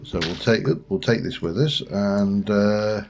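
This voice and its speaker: A gaming channel host with a voice on the low side gives casual, meandering let's play commentary at an unhurried pace. He talks to the creatures in his game as he plays, with faint music in the background.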